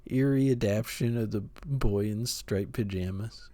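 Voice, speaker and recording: A man co-hosting a podcast in casual, joking chat, laid-back and quick to laugh. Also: fairly low pitch, mellow, dry recording. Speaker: podcast co-host.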